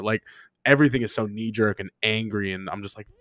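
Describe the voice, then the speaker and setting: A man co-hosting a sports podcast in loose, casual chat. He rambles and gets excitable, swearing freely as he riles himself up. His voice sits fairly low and sounds dry and close to the mic. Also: fast talker, no room sound. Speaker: podcast co-host. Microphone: remote podcast mic.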